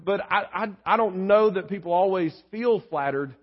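A man preaches in a high, husky voice, earnest and mixing in light jokes. He often doubles his words as he goes, and the recording is dull and lo-fi. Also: normal speed. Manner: earnest, joking storyteller, repeats words as he goes. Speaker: pastor. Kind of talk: sermon.

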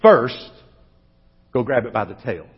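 A man voicing God as a calm, commanding figure, in a dull echoey hall recording. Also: medium pitch, measured pace, breathy edge, pitched below the performer's own voice, full character voice.

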